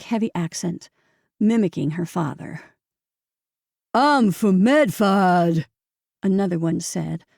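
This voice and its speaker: A woman reads a novel aloud with measured, steady pacing. Her voice is dark and mellow with a gravelly fry, and the close studio mic leaves it dry, with no room sound. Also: on the low side, no echo. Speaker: audiobook narrator. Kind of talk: scripted audiobook narration.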